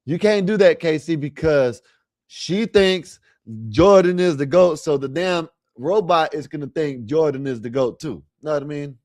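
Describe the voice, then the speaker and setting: Man, stream host, rambling casual commentary, slightly high voice, dry close mic. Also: moderate pace, darkish tone, no echo. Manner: rambling, talks straight to viewers. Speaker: livestream host.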